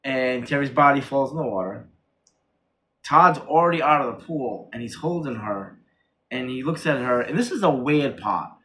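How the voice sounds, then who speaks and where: A man reviewing a horror film in casual chat, retelling the plot excitedly with many restarts and corrections. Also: medium pitch, normal speed.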